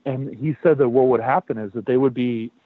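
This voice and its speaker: A man's voice: mid-range voice, brisk, no echo. Chatty man on a tinny line. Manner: animated, repeats words, swears. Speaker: podcast host. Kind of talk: casual storytelling. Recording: tinny phone-like dry sound.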